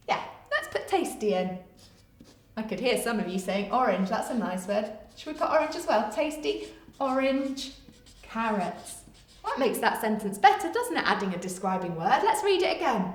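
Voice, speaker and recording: A woman's voice: medium pitch, expressive, normal speed. A woman teacher with an English accent giving a playful writing lesson to young children, talking in a sing-song, exaggerated way. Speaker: primary school teacher. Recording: echoey room.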